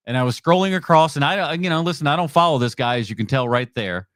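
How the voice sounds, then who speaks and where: A man's voice: on the high side, animated, fast talker, a bit bright, clean tone, no echo, clean studio sound. A man hosting a movie podcast, reacting bluntly and sarcastically to clips and laughing often. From United States. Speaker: podcast host. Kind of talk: reacting to videos on a live stream.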